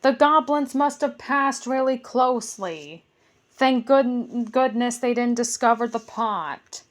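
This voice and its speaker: A woman's voice: on the high side, slow pace. A woman voicing a small, worried fairy girl in a storybook reading. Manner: anxious, gasping.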